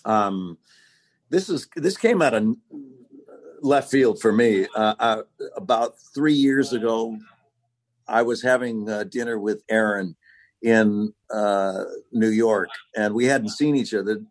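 A man's voice: lowish voice, slow pace. Guy on a podcast just chatting, easygoing, lots of ums. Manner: relaxed storytelling with fillers. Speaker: podcast co-host. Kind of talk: casual chat.

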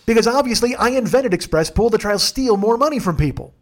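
A man telling casual comedic stories at a friend's house, profane and animated, acting out the dialogue in quick voices. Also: very high voice.

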